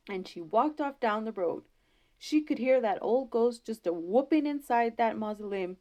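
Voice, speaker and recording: A woman storyteller, telling a folktale in an expressive, homey way in a school library. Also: on the high side, moderate pace.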